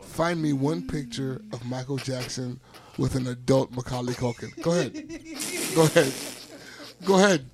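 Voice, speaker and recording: A man co-hosting a podcast, needling a friend with deadpan teasing. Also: mid-range voice, moderate pace, crowd noise. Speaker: podcast co-host. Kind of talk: teasing casual banter.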